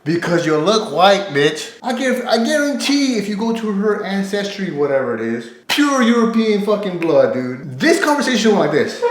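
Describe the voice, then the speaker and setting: A man's voice: sits high, sing-song, normal speed, hardly any pauses. A man co-hosting a reaction show, talking bluntly with heavy swearing and mocking mimicry. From Mexican heritage. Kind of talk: casual profane reaction commentary. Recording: echoey room.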